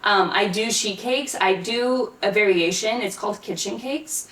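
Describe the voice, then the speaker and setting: A woman pastry chef speaks as a podcast guest in a casual, easygoing way, taking her time to explain things. Her pitch is ordinary for a woman. The room is echoey, and her voice comes from a distance. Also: measured pace, a bit bright. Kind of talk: casual interview chat.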